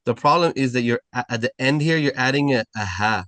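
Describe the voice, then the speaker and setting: A man teaching an online Arabic class, patiently correcting pronunciation and repeating sounds slowly. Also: mid-range voice, fairly bright tone, no room sound. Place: video call.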